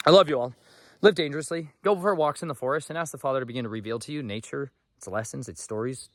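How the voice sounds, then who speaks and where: A man vlogging on a walk through a forest, folksy and excitable, talking straight to his viewers. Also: fairly low pitch, no echo. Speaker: homesteader vlogger. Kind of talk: walk-and-talk forest vlog. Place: outdoors in a forest.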